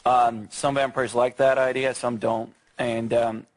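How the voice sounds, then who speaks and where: A man's voice: mid-range voice, little pitch movement, a little slow. A man in his thirties whose first language is Swedish, answering questions in a TV studio interview, hesitant with many fillers and restarts. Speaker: actor guest.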